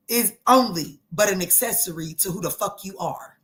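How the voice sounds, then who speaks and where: Excitable woman giving a live tarot reading. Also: medium pitch, normal speed, hardly any pauses. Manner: excitable, swears freely, repeats phrases. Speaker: tarot reader hosting a live stream.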